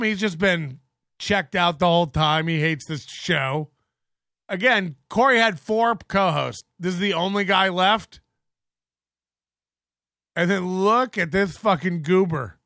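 A man's voice: high voice, slow pace, sharp tone, dry recording, studio quality. A man hosting a comedic commentary show, mocking clips and ranting with a joking edge. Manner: mocking, ranting, mimics others in exaggerated voices. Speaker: show host.

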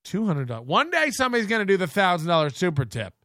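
A man's voice: sits high, big pitch swings, quick pace, pushed and bright, dry recording, clean studio sound. A man hosting a livestream, ranting in a mock-serious, exaggerated way. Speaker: livestream host. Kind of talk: comic rant.

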